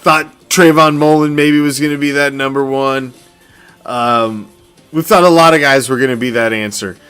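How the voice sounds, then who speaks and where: A man's voice: medium pitch, steady tone, moderate pace, fairly bright tone, clear, resonant tone, faint music behind. A man hosting a sports fan podcast, ranting in a profane, gloating way and laughing often. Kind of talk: fan reaction rant.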